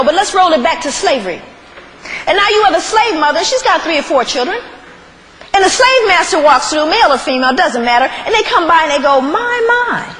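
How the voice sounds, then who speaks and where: Animated high-voiced woman lecturing. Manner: animated, laughing, questioning the audience. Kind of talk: public lecture to a live audience. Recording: noisy live recording.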